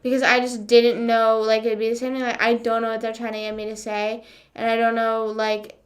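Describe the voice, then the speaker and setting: Young woman, livestream chat, sarcastic, swears a lot, slightly high voice. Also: level tone, fairly quick. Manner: casual, filler-heavy, sarcastic, swears freely. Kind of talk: casual chat with live viewers.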